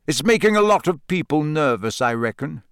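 A man voicing a gruff, battle-scarred older male wizard who growls and speaks slowly and deliberately. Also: a little high, sing-song, no room sound, clean studio sound.

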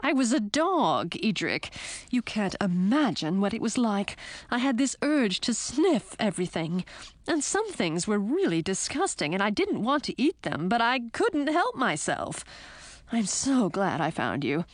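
A woman's voice: mid-range voice, big pitch swings, unhurried, no room sound. Woman voicing a loyal fretful talking horse. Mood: relieved, pleading.

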